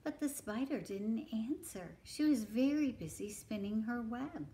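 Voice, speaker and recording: A woman reads a children's picture book aloud in a slightly high, very lively voice that rises and falls a lot. She speaks slowly and gently, with an expressive manner that invites little listeners to join in. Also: slight background noise. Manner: gentle and expressive, making animal noises with the listener. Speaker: children's story reader.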